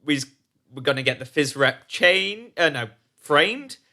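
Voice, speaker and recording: Bright-voiced chatty man. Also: on the high side, lively intonation, a little slow. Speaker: podcast co-host. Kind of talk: casual chat recounting a larp weekend.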